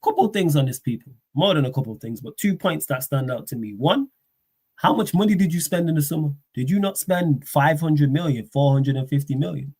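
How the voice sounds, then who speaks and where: A man's voice: on the high side, a little fast, breathy edge. Slangy man ranting on a stream. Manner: animated, slangy, fires rhetorical questions. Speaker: livestream football pundit. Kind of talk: casual live-stream rant.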